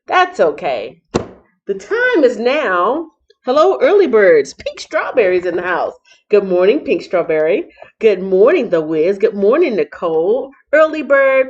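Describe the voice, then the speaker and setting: A Texan woman hosts a casual live-stream Bible reading, chatting and joking playfully as she greets viewers. Her voice is medium-pitched and slightly mellow, picked up by a laptop mic that gives dull lo-fi sound.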